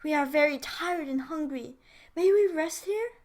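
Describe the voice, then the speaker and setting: A woman doing a high-pitched brave little girl. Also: normal speed, natural voice. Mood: pleading. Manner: high, loud and pleading. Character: frightened but brave young girl.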